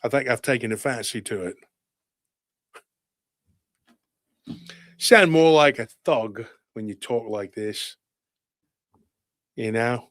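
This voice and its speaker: A man's voice: mid-range voice, unhurried, a bit bright, dry recording, close to an everyday voice. A cocky British street thug talks blunt and slangy, full of swagger, as a man puts him on. The sound is dry and close.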